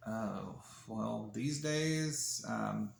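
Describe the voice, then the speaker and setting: A man's voice: lowish voice, very slow, vocal fry. A man, co-hosting a podcast, chatting casually with dry teasing remarks. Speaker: podcast co-host. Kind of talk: casual chat. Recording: echoey room with faint noise.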